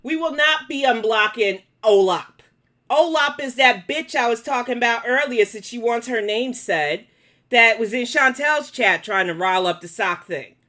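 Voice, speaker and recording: Woman host with a New York accent, slightly high voice, blunt and cussing, live commentary. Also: lively intonation, normal speed, pushed and bright. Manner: blunt, profane, confrontational. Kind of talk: live commentary and chat replies.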